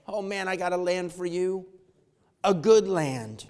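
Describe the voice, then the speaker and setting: High-voiced preaching man in a reverberant church. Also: measured pace. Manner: fervent preaching, swinging from loud calls to low asides. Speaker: pastor. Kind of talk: sermon.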